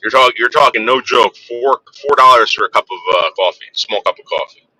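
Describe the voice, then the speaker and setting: A man's voice: mid-range voice, fairly quick, bright, forceful tone, breathy edge, dry recording, poor audio. A man hosting a casual livestream, chatting with his viewers and teasing them in a rambling way. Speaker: livestream host.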